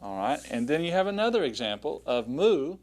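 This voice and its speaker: A man teaching a recorded language lesson, patient and methodical, with frequent "uh" and "all right" and pauses for the listener to repeat after him. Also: on the high side, very animated, a little mellow. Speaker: Greek instructor.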